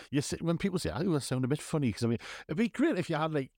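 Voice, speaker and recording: A man's voice: a little high, quick pace, no echo. Guy cracking jokes on a podcast, voice jumps all over, dry mic. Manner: jokey, animated, laughs often. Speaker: podcast co-host. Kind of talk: casual chat.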